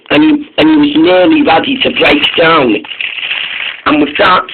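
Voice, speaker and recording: A man's voice: fairly high pitch, very noisy. A man narrating a toy-train story in an informal, eager way. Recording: tinny phone-like sound.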